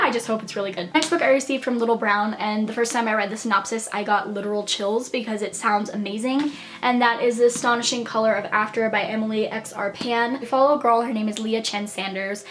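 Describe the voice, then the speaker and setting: A woman's voice: mid-range voice, a bit bright. A woman in her twenties chatting casually and enthusiastically about her new books, with lots of fillers. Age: 20s. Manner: enthusiastic, gushing, filler-heavy. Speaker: book vlogger. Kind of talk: casual book haul chat.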